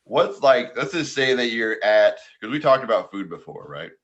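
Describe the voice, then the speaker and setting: A man's voice: medium pitch, animated, normal speed, a bit bright, dull audio. A man from the US Pacific Northwest co-hosting a sports podcast, joking and rambling through casual questions. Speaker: podcast co-host. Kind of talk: casual chat.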